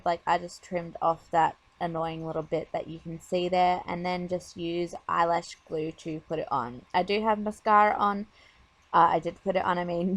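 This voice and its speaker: A woman talking casually over her makeup tutorial, chatty and rambling with lots of fillers. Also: fairly low pitch.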